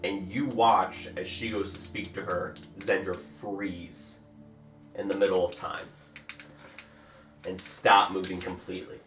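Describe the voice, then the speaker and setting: A man narrating a tabletop game as game master, with slow, drawn-out storytelling. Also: sits low, level tone, a bit bright. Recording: roomy, far from the mic, music behind.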